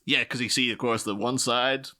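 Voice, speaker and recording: A man's voice: medium pitch, steady tone, normal speed, sharp tone. A man co-hosting a podcast, chatting casually about a film, rambling with many fillers and frequent laughs. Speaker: podcast co-host. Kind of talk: casual film commentary chat.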